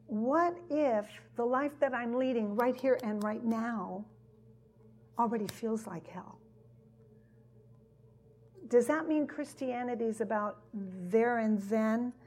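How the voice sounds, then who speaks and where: Slow, husky woman Bible teacher. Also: on the high side. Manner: emphatic, repeats key phrases. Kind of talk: teaching sermon.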